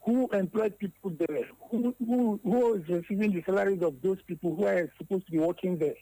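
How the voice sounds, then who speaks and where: A man's voice: high-pitched, warm tone, poor audio. A Nigerian man calling in to a radio show, accusing officials with a run of questions. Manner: accusing, rapid rhetorical questions. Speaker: caller. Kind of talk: radio phone-in commentary.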